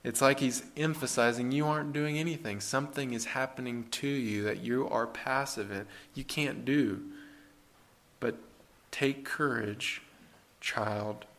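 A man's voice: medium pitch, steady tone, normal speed, fairly bright tone. A man preaching a sermon in an earnest, conversational way, with rhetorical questions and frequent restarts.

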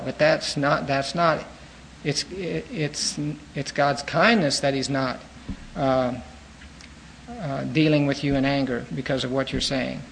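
Man, gravelly voice, slightly high pitch, bible teaching, reads verses then explains, faint background hiss. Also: rough recording. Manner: reads scripture aloud then explains it plainly, with restarts.

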